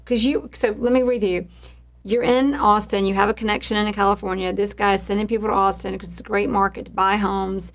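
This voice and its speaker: A woman's voice: mid-range voice, steady tone, a little fast. A woman hosting a podcast interview, asking long winding questions with a joking, curious manner. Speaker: podcast host. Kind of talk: conversational interviewing.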